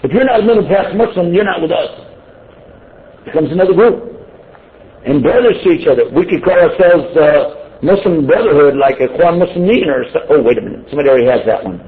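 A man's voice: on the high side, lively intonation, fast talker. A man giving an informal sermon, joking and putting questions to his listeners. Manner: conversational and joking, asks the audience questions. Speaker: Muslim preacher. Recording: tinny phone-like sound with faint noise.

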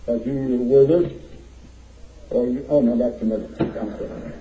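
A man with a Texan accent speaks to a crowd with a jokey, teasing warmth. His voice is very dark and mellow. The recording is dull and echoes around a big hall. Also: mid-range voice, moderate pace, a little hiss or hum. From Texas, USA. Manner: jokey, playful, teasing the audience. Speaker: keynote speaker, chaplain. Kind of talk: humorous public speech. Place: large hall with an audience.

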